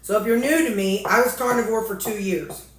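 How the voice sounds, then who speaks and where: Her voice is a little high and brisk, recorded in a roomy space with a faint hiss or hum. She's a weight-loss vlogger from Missouri, USA, folksy and joking as she eats and talks with food in her mouth.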